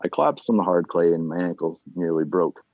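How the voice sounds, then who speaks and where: A man reading his own fiction aloud at an online reading series, plain and unhurried, with casual asides between chapters. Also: deep voice, dry recording. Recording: dull, dry lo-fi sound.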